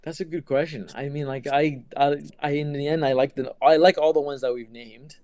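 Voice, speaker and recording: A man's voice: on the high side, steady tone, fairly quick, a little mellow, dry recording. A middle-aged man answering interview questions about his engineering work in a casual, hesitant way with many fillers and restarts. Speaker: quantum computing engineer.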